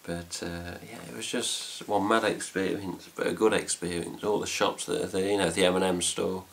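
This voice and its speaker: A man with an English accent and a very low, gravelly voice chats casually at home. He rambles through the story with lots of fillers and mild swearing, in a relaxed vlog style. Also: moderate pace, slight background noise. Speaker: fan site vlogger. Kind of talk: casual chat.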